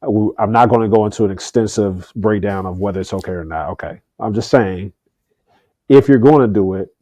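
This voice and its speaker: A middle-aged man talks earnestly as a podcast guest, often repeating a word before his thought comes out. His voice is low-pitched and warm. It is recorded dry and close. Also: a little fast, no room sound. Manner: earnest, repeats words when starting a thought. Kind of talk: candid conversational interview.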